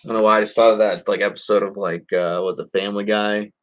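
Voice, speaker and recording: Guy with a lowish voice ripping card packs live, laid back, rambly, swears a bit. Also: fairly even intonation, fast talker, heavy background noise. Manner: casual and rambling, curses and chuckles. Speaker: card break host. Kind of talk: live card-opening commentary.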